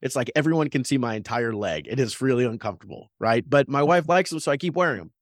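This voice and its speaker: A man's voice: mid-range voice, expressive, quick pace, no room sound, clean studio sound. A man co-hosting a podcast, telling a story in casual chat and laughing often. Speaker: podcast co-host.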